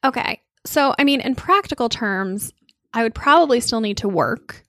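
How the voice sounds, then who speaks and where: A woman's voice: fairly high pitch, animated, normal speed, a bit bright, no room sound, clean studio sound. A woman co-hosting a podcast in casual chat, wry and thinking aloud with plenty of fillers. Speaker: podcast co-host.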